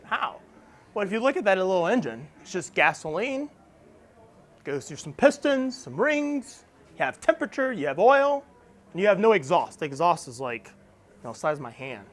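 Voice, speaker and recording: A man with a fairly high voice tells his startup story to a live audience. He is animated, laughs often and acts out what others said. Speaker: startup founder speaker. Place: event venue with audience.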